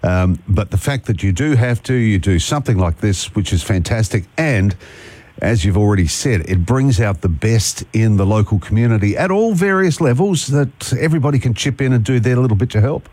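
A man with an Australian accent hosts a morning radio show, his voice sitting a little low. He chats casually and jokes with sarcastic asides. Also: animated, brisk, darkish tone, dry recording. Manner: chatty, joking, sarcastic asides. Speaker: radio breakfast show host. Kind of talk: casual radio interview chat.

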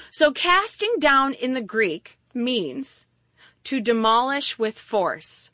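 A woman's voice: sits high, moderate pace, dry recording. A woman preaching a sermon, telling stories and acting out little voices as she goes. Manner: animated storytelling with acted-out voices.

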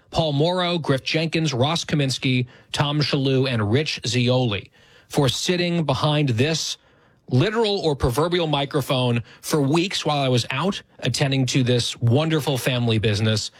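A man's voice: mid-range voice, no echo. Chatty man hosting talk radio. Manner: chatty, self-deprecating, grateful. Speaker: radio host.

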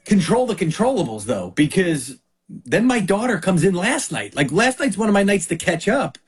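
A man who is a guest on a sports show, telling animated stories in casual chat and acting out quotes. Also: high-pitched, moderate pace, slightly rough. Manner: animated storyteller, acts out quotes.

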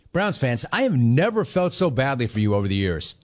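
A man's voice: medium pitch, big pitch swings, brisk, few pauses. A man hosting sports talk, ranting sarcastically and mocking the people he talks about. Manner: sarcastic, mocking, swings between shouting and mimicry. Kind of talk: sports talk radio rant.

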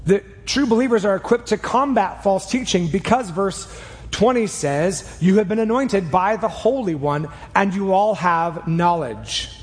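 A man preaching a sermon in a church, earnest and emphatic, speeding up and slowing down as he drives each point home. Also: high voice, big-room sound. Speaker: pastor. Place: church sanctuary. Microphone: clip mic.

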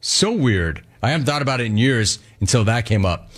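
Brief: male talk-radio host, mid-pitched, energetic, slangy, riffing between calls. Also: brisk, hardly any pauses.

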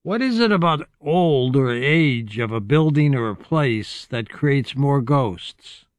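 A man's voice: medium pitch, lively intonation, slow pace, no echo, studio quality. A man hosting an interview, asking brief, curious questions. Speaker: interview host.

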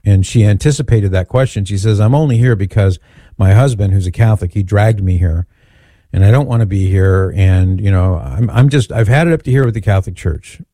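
A man's voice: lowish voice, brisk, dark tone, no room sound, clean studio sound. A man speaking at a Christian event who tells a personal story in a conversational, candid way and pokes fun at himself. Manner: conversational, candid and self-deprecating. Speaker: Catholic speaker and author. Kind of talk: storytelling talk.

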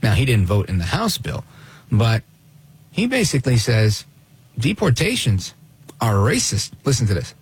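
A man's voice: medium pitch, wildly swooping pitch, moderate pace, pauses often, slightly rough. A man hosting a talk radio show, delivering an opinionated, sardonic monologue and reacting to clips he plays.

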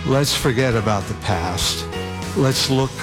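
A man preaching a sermon in an earnest, deliberate way, spelling out key words slowly. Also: medium pitch, music in the background. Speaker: pastor.

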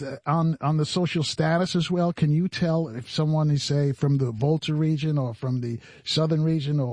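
A man's voice: on the high side, a little mellow, slightly rough, no room sound. A man from the United States hosting a radio interview, asking questions casually with many fillers and restarts. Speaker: radio host.

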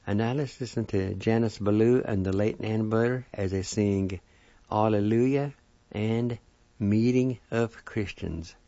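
A man giving a language lesson, spelling out words and slowly sounding out their syllables, repeating each one. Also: on the low side, fairly even intonation, dark tone, no room sound, lo-fi sound. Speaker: language teacher. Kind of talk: slow word-by-word pronunciation lesson.

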